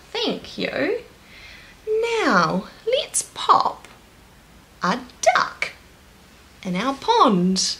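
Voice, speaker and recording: Brief: New Zealand woman, toddler teacher, very slow and lively, bright higher pitch, encouraging. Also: slight background noise. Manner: sing-song, encouraging, gasps in delight. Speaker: children's teacher. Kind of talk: slow, animated toddler lesson.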